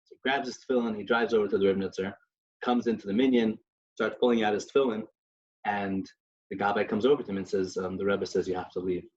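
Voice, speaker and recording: A man's voice: lowish voice, steady tone, quick pace, a little mellow. Man in a dull lo-fi recording. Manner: storytelling with many restarts and Yiddish terms. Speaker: podcast co-host. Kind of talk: casual religious discussion.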